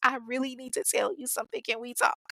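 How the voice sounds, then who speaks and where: Brief: woman doing a young woman making excuses, soft, lifted pitch, apologetic. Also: very animated, fast, vocal fry, no room sound, exaggerated voice. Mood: pleading.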